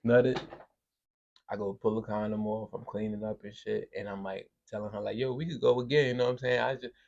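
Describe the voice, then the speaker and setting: A young man from Brooklyn, telling a wild story on a podcast in a casual, profane, animated way. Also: fairly low pitch, fairly quick, gravelly, muffled recording, slight background noise. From Brooklyn, New York. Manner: animated, profane, acts out voices in quotes.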